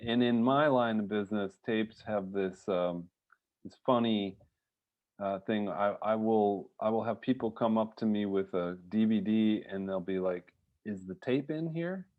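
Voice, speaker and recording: A man's voice: on the low side, fairly even intonation, measured pace. A man hosting a casual interview, enthusiastic, laughing easily and restarting his sentences, over a video call. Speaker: host. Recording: tinny phone-like line.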